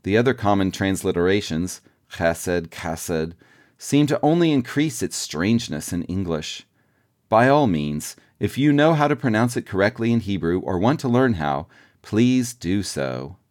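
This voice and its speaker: Low-voiced man reading a devotional book. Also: sing-song, a little mellow. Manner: measured, deliberate reading. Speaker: audiobook narrator. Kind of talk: scripted narration of a devotional book.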